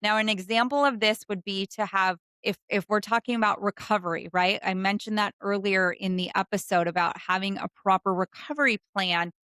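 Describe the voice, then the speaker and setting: An earnest woman hosting a faith-based wellness podcast at a mid-range pitch. She talks gently and circles back to her key phrases for emphasis. Her voice is close and dry, with no room sound. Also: fairly even intonation, fairly quick, few pauses, smooth, no room sound. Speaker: podcast host and doctor.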